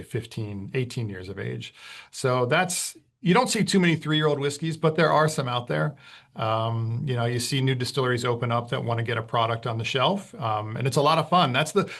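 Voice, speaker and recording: A man's voice: medium pitch, gravelly, fairly bright tone. A man talking as a whisky brand ambassador, explaining at ease with many fillers in a podcast interview.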